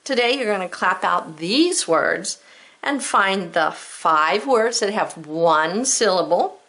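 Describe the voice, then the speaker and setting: A woman's voice: mid-range voice, lively intonation, takes it slowly, fairly bright tone. A woman teacher giving a recorded spelling lesson to children, patient and encouraging, stretching out the sounds of words.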